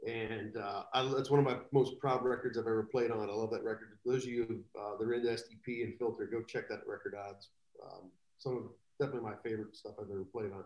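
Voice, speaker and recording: A man telling rambling, animated anecdotes as a guest in a live video chat. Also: fairly low pitch, fast talker, hardly any pauses, echoey room, dull audio. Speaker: guest drummer. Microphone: video call.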